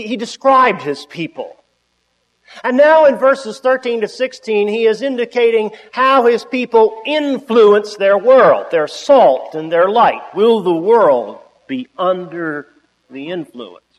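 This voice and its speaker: High, emphatic preacher in a reverberant hall. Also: male voice. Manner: emphatic, with sudden rises on key words and drawn-out phrases. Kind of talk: sermon.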